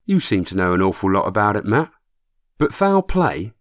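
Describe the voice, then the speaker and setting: A man voices a skeptical young apprentice who brushes off suspicion. The voice is raised and lively in pitch, and the audiobook sound is dry and close. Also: fast, dry recording. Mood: doubtful.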